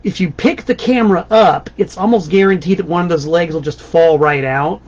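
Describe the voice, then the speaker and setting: A man's voice: a little high, normal speed, darkish tone. A man guest-hosting a band's live stream from his home desk, talking in a playful, mock-grandiose, rambling way. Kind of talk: casual comic monologue. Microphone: webcam on his desk. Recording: dull lo-fi webcam stream.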